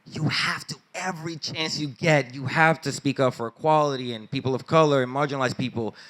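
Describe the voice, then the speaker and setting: Animated man telling a story on stage. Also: mid-range voice, brisk. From Dominican family background. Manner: animated, acts out family members' lines in raised voices; casual street slang and swearing. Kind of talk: live personal storytelling on stage. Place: stage at a live story slam.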